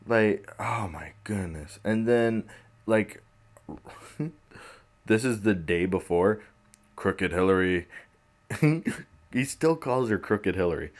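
A man's voice: lowish voice, lively intonation, slow pace, pauses often. A young man hosting a podcast, giving rambling casual commentary on the news, laughing often and swearing. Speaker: podcast host.

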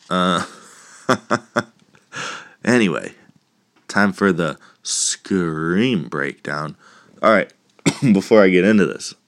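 A low-pitched man hosts a casual movie recap podcast in studio quality with no room sound. He chats in a rambling, profane way, dropping laughing asides.

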